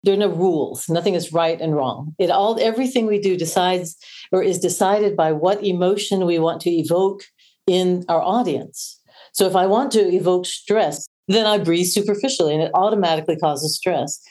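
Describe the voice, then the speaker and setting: A woman's voice: on the low side, moderate pace, dark tone. A woman voice coach on a podcast, explaining and demonstrating how breathing shapes the voice. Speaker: voice coach guest. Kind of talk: podcast interview.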